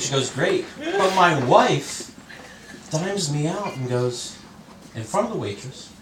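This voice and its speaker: A man doing a stand-up comedy set, telling self-mocking stories in a relaxed conversational way. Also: medium pitch, noisy background. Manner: conversational storytelling, self-mocking, mimics others in quoted bits. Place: comedy club stage with a laughing audience. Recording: roomy club sound, mic far off, loud audience laughter.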